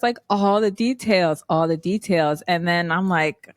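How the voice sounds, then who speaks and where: A woman's voice: on the low side, a little fast, hardly any pauses, no room sound, studio quality. A woman hosting a podcast interview, chatting casually, laughing easily and using many fillers. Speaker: podcast host.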